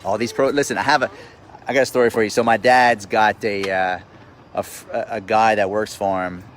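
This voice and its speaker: Low-pitched man, blunt profane livestream host, a touch of background hiss. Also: fairly even intonation, fairly quick, fairly bright tone. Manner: blunt, profane, repeats himself while riled up. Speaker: real estate investor hosting a live stream. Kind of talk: casual livestream rant. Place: outdoors at sundown. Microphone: phone livestream.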